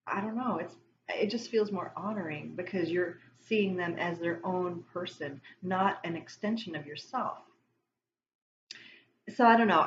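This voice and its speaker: A woman's voice: on the low side, echoey room, lo-fi sound, a little hiss or hum. A woman giving a casual spiritual tarot reading to camera, rambling and going off on tangents. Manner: rambling, warm-hearted, self-interrupting. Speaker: tarot reader.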